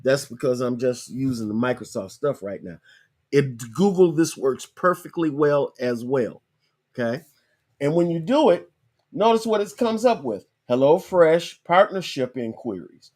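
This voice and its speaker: A man with a slightly raised pitch hosts his podcast from a computer, talking viewers step by step through a screen-share tutorial. He is chatty and casual, repeats key points, and slows down to spell things out. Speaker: podcast host.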